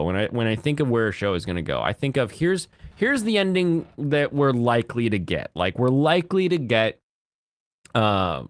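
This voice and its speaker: A man's voice: medium pitch, smooth, dry recording, clean studio sound. A man in his thirties chatting casually as a streamer, rambling and giggly. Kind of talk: casual chat.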